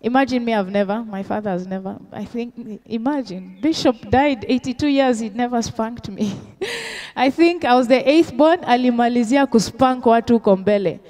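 A woman's voice: on the high side, lively intonation, moderate pace, darkish tone. A middle-aged woman pastor, preaching a sermon with call-and-response questions and Swahili phrases mixed in.

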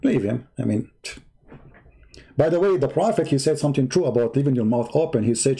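A man hosting a live-stream debate, talking in a sarcastic, mocking, drawn-out way. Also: mid-range voice, lively intonation, gravelly, warm tone, husky.

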